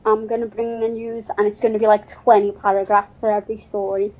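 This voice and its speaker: A woman's voice: mid-range voice, flat delivery, a little fast, darkish tone. A woman co-hosting a podcast, trading dry, sardonic retorts in casual chat. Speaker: podcast co-host. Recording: dull lo-fi podcast audio.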